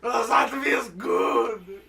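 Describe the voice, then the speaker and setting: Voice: mid-range voice, drawn-out words, gravelly, sharp tone, distant mic, exaggerated voice. Someone reading a game's lines as a flamboyant, jittery male chef with an over-the-top fake French accent, melodramatic and full of French words. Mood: gushing. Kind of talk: reading game dialogue aloud.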